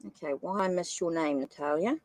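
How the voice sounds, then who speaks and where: A woman's voice: fairly low pitch, fairly quick, a little mellow, slight background noise, rough recording. A woman hosting a live tarot reading stream, apologizing and thinking aloud as she types up viewers' names in a casual chat. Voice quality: says she has a funny accent.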